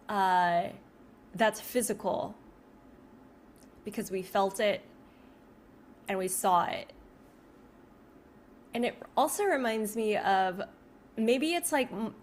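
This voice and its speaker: A woman talks casually straight to her audience, circling back and restarting her sentences as she goes. Her pitch sits in a middle range and she leans on "like" constantly. A faint hum of background noise sits under her voice. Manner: rambling, heavy use of "like", frequent restarts. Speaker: video creator. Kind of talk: casual storytelling to camera.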